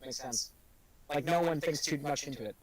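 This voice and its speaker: An Irish man in a casual chat, excitable and swearing often. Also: a little high, normal speed, rough recording. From Ireland. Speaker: guest on stream.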